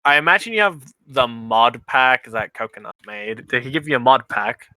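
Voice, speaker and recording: A man's voice: medium pitch, animated, moderate pace, bright, forceful tone, dry recording. A laid-back young man in casual podcast chat who swears offhandedly. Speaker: podcast co-host.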